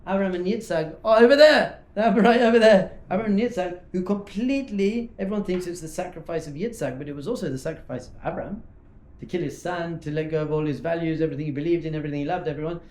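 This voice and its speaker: A man, a rabbi, gives an informal, animated teaching talk and acts out little dialogues as he goes. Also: on the high side, fast. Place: talk hall at a yeshiva. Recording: echoey room.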